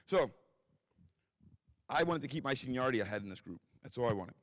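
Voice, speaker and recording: In a reverberant hall, a guest speaker from Philadelphia, a man in his forties, spins blunt stories loaded with swearing. He has an East Coast accent and rapid street talk, and his medium-pitched voice is animated with a fairly bright tone.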